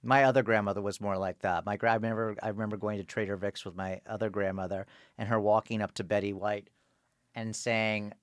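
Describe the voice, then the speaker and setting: A man chatting as a podcast guest, telling family stories in a quick, offhand way. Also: on the low side, fairly even intonation, clean tone, no echo, studio quality. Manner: fast, chatty storytelling. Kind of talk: casual chat.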